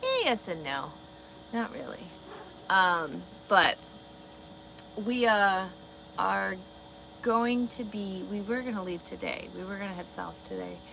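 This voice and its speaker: A woman's voice: mid-range voice, measured pace, creaky, pauses often, pushed and bright, slight background noise, poor audio. Blunt, foul-mouthed woman trucker streaming. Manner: blunt, swears a lot, talks back to chat. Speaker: truck driver livestreamer. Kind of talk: casual livestream chat reading comments.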